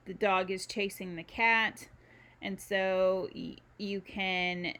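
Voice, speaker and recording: A woman talks through a recorded university lecture at a slow, deliberate pace. She stops often, fills gaps with ums, and explains each point one step at a time as she moves through her material. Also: mid-range voice, fairly bright tone. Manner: unhurried, explains with many ums and pauses. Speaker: university instructor. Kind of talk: recorded screen-share lecture.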